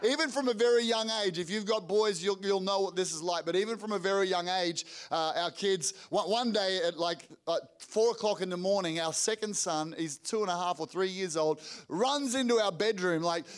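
A middle-aged man preaches to a congregation in a high, bright voice. He tells family stories energetically, stumbles and restarts, and acts out what people said. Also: smooth. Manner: energetic storytelling with rapid restarts and acted-out quotes. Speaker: pastor. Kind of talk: sermon storytelling. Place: church hall before a congregation.

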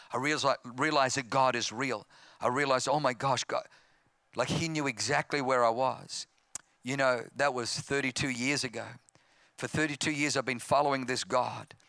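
A man's voice: mid-range voice, no room sound. An Australian man in his fifties, a pastor telling his testimony in a sermon, acting out voices and growing impassioned. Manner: storytelling, acting out voices, grows loud and impassioned.

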